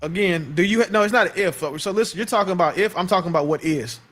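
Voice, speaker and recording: Brief: man, host, quick and a little high, lectures with confidence. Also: fairly bright tone. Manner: assertive, lecturing. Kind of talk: casual chat.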